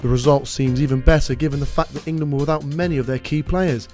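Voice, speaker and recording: A male sports reporter reads a scripted package at mid pitch in a formal, polished style. Clear music plays under his narration. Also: fairly even intonation, fast talker, mellow.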